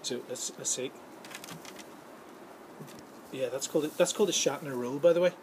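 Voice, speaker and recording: A man's voice: mid-range voice, moderate pace. A man hosting a vlog, talking casually and jokily to camera with a rambling, filler-heavy delivery. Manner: chatty and jokey, many fillers and restarts. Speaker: vlog host giving film and voiceover tips. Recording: clear background ambience noise.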